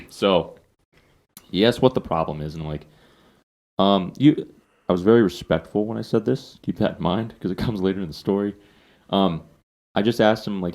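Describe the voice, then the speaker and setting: Low-voiced man telling a profane story. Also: moderate pace, long pauses, darkish tone. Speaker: podcast host. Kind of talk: casual storytelling.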